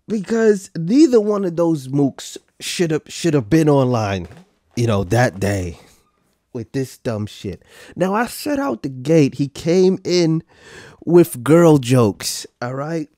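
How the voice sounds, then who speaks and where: A man's voice: on the high side, big pitch swings, slow pace, dark tone, no room sound, studio quality. Boastful laughing podcast host, a man. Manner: boastful, profane, laughs between lines. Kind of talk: casual reaction commentary.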